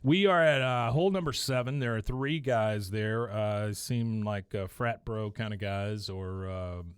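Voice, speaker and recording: A man's voice: lowish voice, measured pace, smooth, no echo, studio quality. Man recapping a show with easy laughs. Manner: laughs often, reads quotes in lightly changed voices. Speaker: podcast co-host recapping an episode. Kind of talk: casual chat, reading out scenes.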